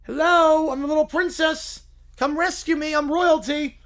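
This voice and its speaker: A bratty little girl who thinks she's royalty whines and demands in a high, stretched-out voice, as a man puts her on while reading a story aloud. Her complaints come slow and loud. She sounds like a storybook brat. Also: fairly even intonation. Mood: demanding. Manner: whining, bratty, drawn-out complaints. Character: whiny spoiled little girl playing princess.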